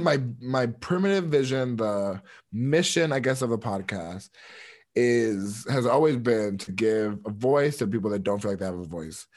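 A man co-hosting a podcast, chatting casually about his goals. He talks in an animated, restless way, restarting his sentences often. His voice sits in an ordinary middle pitch. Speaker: podcast co-host.

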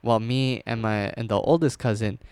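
A young man casually telling a scary personal story, rambling with fillers and restarts, dropping to a hush at tense moments. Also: medium pitch, steady tone, brisk, smooth, no room sound.

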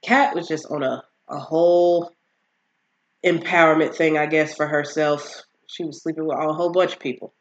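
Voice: medium pitch, steady tone, moderate pace, dull audio. A vlogger casually recapping a TV series, rambling with lots of fillers and acting out the characters' lines.

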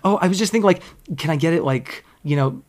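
A man's voice: a little high, quick pace, lightly acted. A man voicing a pushy young male customer who haggles on the phone in a hesitant, wheedling way.

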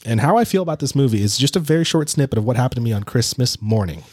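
A man in an unhurried, joking podcast chat who rambles through his stories and laughs easily. His voice sits at an ordinary middle pitch and sounds dry and close, with no room around it. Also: expressive, a little mellow, breathy edge, no echo. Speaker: podcast host. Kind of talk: casual chat.

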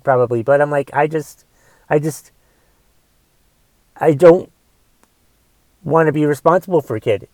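High-voiced man in a profane rant. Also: a little slow, long pauses, darkish tone, dry recording. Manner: profane, exasperated ranting with restarts. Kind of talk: solo rant monologue.

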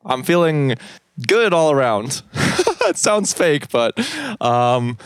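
A man co-hosting a podcast, talking in a relaxed, measured way in casual chat. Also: medium pitch, clear, resonant tone, no room sound. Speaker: podcast co-host.

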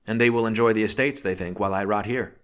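A man's voice: on the low side, fast talker, a bit bright, smooth, lightly acted. A man voicing a desperate, bitter prisoner. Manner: bitter, pleading outbursts. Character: desperate imprisoned gentleman, agitated and fearful.

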